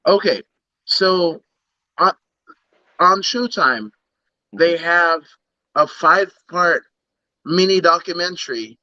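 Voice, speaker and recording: A man's voice: on the high side, slow, pauses often, no echo. A man co-hosting a casual podcast, telling stories and acting out bits. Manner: animated storyteller, acts out bits. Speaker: podcast co-host. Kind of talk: casual chat. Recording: dull lo-fi sound.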